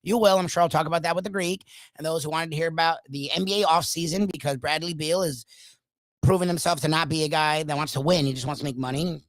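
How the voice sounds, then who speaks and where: A hoarse man hosting a sports talk show alone, ranting emphatically in a loud, opinionated monologue. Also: on the high side, steady tone, fast, no echo, poor audio. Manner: opinionated, swings between loud bursts and quiet asides. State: hoarse from coaching. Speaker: sports radio host.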